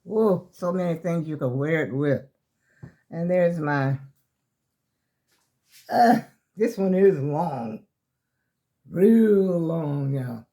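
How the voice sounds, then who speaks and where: An older woman talks in a loose, rambling way, calling her viewers y'all. Her voice is mellow and a little short of breath. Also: sits low, lively intonation, drawn-out words, long pauses. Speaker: vlogger showing her clothes. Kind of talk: casual chat to viewers.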